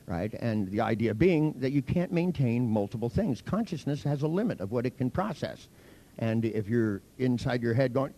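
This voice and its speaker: A man's voice: mid-range voice, very animated, brisk, mellow. A man teaching a hypnosis seminar to a live audience, telling anecdotes in a blunt, profane, teasing way. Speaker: hypnosis instructor.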